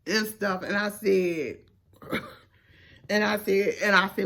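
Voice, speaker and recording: A young woman telling a personal story in a casual vlog, animated and acting out the quotes with lots of fillers. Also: medium pitch, measured pace, pauses often.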